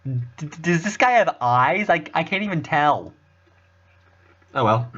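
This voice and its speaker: A man's voice: fairly high pitch, expressive, unhurried, long pauses, fairly bright tone, dull audio. Casual, self-mocking man reading a game. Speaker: let's play reader. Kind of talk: reading a visual novel aloud with asides.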